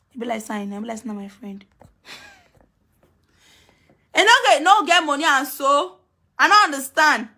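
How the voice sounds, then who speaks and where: A woman's voice: sits high, pushed and bright. Taunting woman in Nigerian Pidgin. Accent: Nigerian Pidgin English. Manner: scolding, taunting, repeats herself. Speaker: live video streamer. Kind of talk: heated live video rant.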